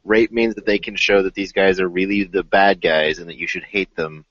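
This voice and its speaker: A man's voice: sits low, fairly even intonation, normal speed, a bit bright, no echo. A man co-hosting a podcast, talking loosely with hedges and swearing. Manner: loose, profane, hedging. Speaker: podcast co-host. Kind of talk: casual chat. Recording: dull lo-fi podcast audio.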